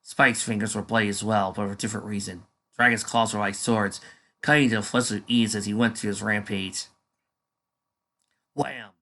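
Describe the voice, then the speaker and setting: A man's voice: fairly low pitch, level tone, brisk, fairly bright tone. A man casually reading a fan story aloud, dropping offhand asides between passages. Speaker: fanfiction reader.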